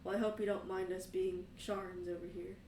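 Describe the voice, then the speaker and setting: A woman voicing a big, stern father with a deep chuckle, in a tabletop game, recorded roomy and far from the mic. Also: little pitch movement, dark tone, a little hiss or hum, close to an everyday voice. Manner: stern, measured.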